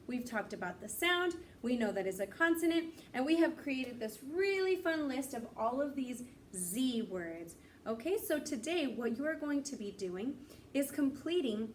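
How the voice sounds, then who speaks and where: Leading a phonics lesson for small children, a female teacher with a fairly high voice sounds out words slowly and clearly while cheering the kids on. She sits far from the mic, a little off-axis, with faint room noise in the background.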